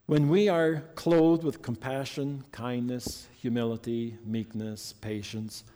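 A man's voice: mid-range voice, steady tone, slow pace, mellow. A man preaching a sermon earnestly and reading a story to his congregation. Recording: long hall reverb.

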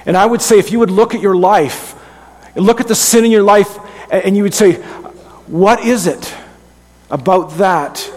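A middle-aged man gives an earnest, conversational sermon in a slightly higher voice, often catching himself and restarting mid-sentence. His tone is breathy and husky, and a long reverb from the hall trails after each phrase. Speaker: pastor.

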